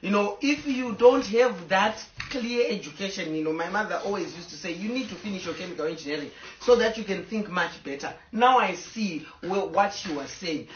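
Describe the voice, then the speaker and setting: A woman's voice: medium pitch, expressive, moderate pace, hardly any pauses, reverberant, recorded from a distance, muffled recording, slight background noise. A woman speaking to her fans in a casual, emotional and rambling live video from home, stopping now and then to tell her dogs to sit down. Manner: talks to fans, stops to scold her dogs. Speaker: social media personality. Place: home with a fireplace.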